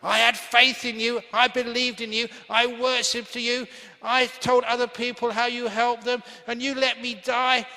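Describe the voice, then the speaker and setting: Stubborn old temple priest refusing help, pitched up and insistent, a man putting him on, lots of hall echo. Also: takes it slowly. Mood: furious. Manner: insistent, defiant, shouting in the end. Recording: long hall reverb.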